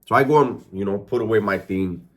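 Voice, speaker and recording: A man's voice: on the low side, a little fast. A middle-aged former prisoner telling his story candidly, in street slang, with lots of restarts and swearing. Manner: streetwise, profane, frequent restarts.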